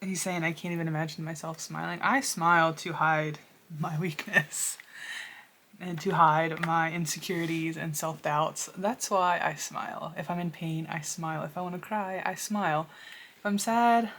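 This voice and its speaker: A young woman hosting a music reaction video, excitable and then softly confessional, talking at home. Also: sits low, normal speed, slight background noise. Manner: excitable, swings to soft confessional talk. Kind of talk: casual reaction commentary.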